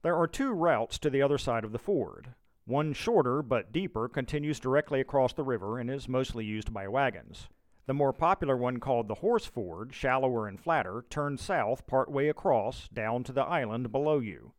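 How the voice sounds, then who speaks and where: A man narrating a scripted historical audio tour in a measured, steady reading voice. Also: mid-range voice, dry recording. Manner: measured, steady reading with brief quoted shouts.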